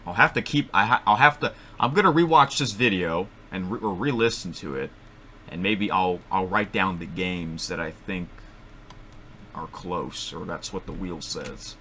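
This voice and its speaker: A man thinking aloud as he makes picks at his computer microphone, rambling and correcting himself, with sudden excited outbursts. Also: low-pitched, normal speed, a little hiss or hum. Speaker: vlogger making bracket picks. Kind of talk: casual thinking-aloud commentary.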